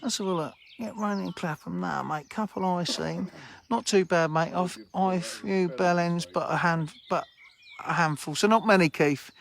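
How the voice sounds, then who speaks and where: Bloke rambling on a phone livestream outdoors by a lake, highish voice, blunt and matey. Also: male voice, moderate pace, creaky. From England. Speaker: livestream host. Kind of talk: casual livestream chat reading viewer comments.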